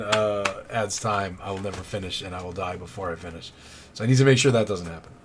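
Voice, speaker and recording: A man's voice: deep voice, normal speed, background noise. A man streaming tarot readings live, chatting casually, rambling and thanking viewers by name. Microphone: studio condenser mic.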